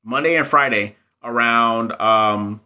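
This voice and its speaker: Man, bright tone, middle pitch, casual live-stream coaching, motivational, chats with viewers. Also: slow pace. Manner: motivational, talks straight to viewers, reads out comments.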